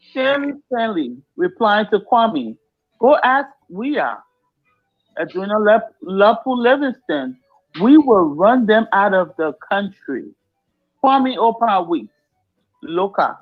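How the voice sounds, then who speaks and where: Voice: mid-range voice, highs cut off. A radio host, reading out listener comments live on air.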